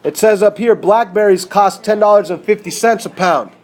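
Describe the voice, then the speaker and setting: Male math teacher, high voice, casual and conversational, checks understanding often. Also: normal speed, a little mellow. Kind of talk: whiteboard math lesson.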